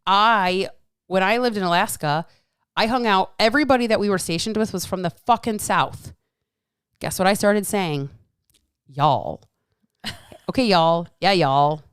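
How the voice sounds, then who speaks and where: A woman's voice: medium pitch, normal speed, a bit bright, clear, resonant tone, no room sound, studio quality. A woman in her forties with an East Coast accent, hosting a podcast in casual, chatty talk that acts out quotes and swears freely. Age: 40s. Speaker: podcast host and fitness coach. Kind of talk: casual chat.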